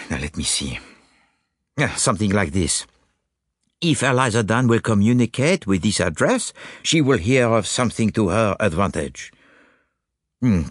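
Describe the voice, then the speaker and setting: A man's voice: on the low side, dry recording, clean studio sound. A man playing Hercule Poirot, fussy French-accented detective. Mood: brisk. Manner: excitable, indignant, theatrical. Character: fussy proud Belgian detective, middle-aged man.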